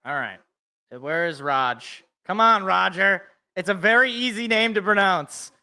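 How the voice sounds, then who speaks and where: Man, young adult, high voice, casual live reaction host, chatty, thinks aloud. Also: measured pace, bright, forceful tone, clean tone.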